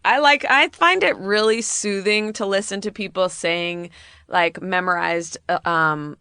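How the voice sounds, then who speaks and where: A woman hosting a studio comedy talk show, teasing callers with quick, playful remarks. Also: medium pitch, sharp tone, clear, resonant tone, dry recording. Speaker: host. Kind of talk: casual comedy chat.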